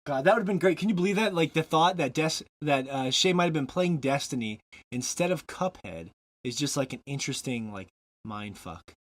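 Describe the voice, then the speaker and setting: A man's voice: fairly high pitch, animated, moderate pace, no echo. Give me a man hosting a casual podcast who jokes and laughs a lot, recorded dry and close. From Montana, USA. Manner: jokey, rambling, laughs often, lots of fillers. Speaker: podcast host.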